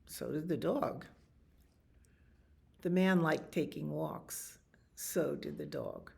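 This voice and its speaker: Slow, gravelly woman reading storytime. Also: deep voice. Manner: expressive, with animal sounds and asides. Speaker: children's librarian. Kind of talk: reading a picture book aloud.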